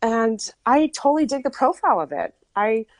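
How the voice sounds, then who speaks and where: Chatting casually, a Minnesota woman host spins a story packed with tangents and the word "like." She speaks at a moderate pace in a fairly high, lively voice, and the recording has no room sound.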